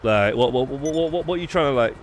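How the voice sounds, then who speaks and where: A man's voice: medium pitch, lively intonation, quick pace, soft background music. Rambling, foul-mouthed British gamer man. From United Kingdom. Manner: rambling, swears freely, many restarts. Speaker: live streamer. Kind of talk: casual gaming stream chat.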